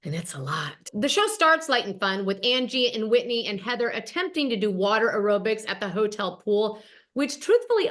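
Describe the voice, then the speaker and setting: A woman host chatting about reality TV in an animated, gossipy way, talking straight to her viewers. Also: medium pitch. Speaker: podcast host. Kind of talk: casual gossip recap.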